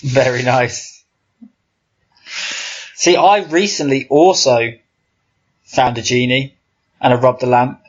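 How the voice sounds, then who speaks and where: A man's voice: mid-range voice, slow pace, long pauses, dull audio. A man co-hosting a casual podcast, chatting with wry, dry jokes. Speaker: podcast co-host. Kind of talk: casual chat.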